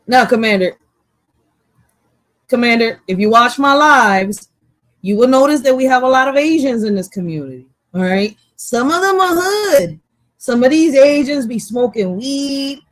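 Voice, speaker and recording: Philly lady cohost, blunt n swearing, highish voice, dry close sound. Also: animated, a little slow, pauses often, dry recording. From Puerto Rican background, raised in Philadelphia. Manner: blunt, swearing, laughing often. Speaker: co-host. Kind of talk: casual profane chat.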